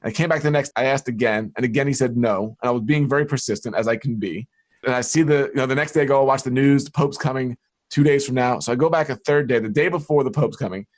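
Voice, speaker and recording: Fast-talking animated male storyteller. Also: mid-range voice. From New York. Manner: animated storyteller acting out dialogue. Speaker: podcast guest. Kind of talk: storytelling interview.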